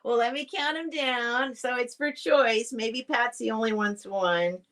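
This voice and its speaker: In a slightly high, somewhat bright voice at a measured pace, a woman hosts a live stream from her home setup, selling vintage items. Her sale chat is casual and aimed straight at viewers, rambling with frequent restarts.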